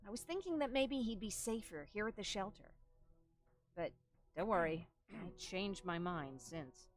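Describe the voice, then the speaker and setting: A woman's voice: medium pitch, expressive, measured pace, faint music behind, lightly acted. A woman playing a weary resistance survivor. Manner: soft, tired, self-doubting. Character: weary female resistance survivor in her thirties. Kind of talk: video game dialogue.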